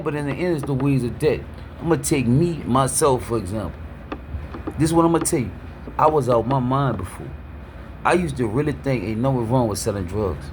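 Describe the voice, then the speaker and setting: A man speaking delivers a preachy street talk. He keeps asking "you heard me", stutters through restarts, and uses an average-pitched voice. A faint noise sits under the recording. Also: darkish tone. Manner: repeats "you heard me" constantly, stammers on restarts. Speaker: motivational speaker.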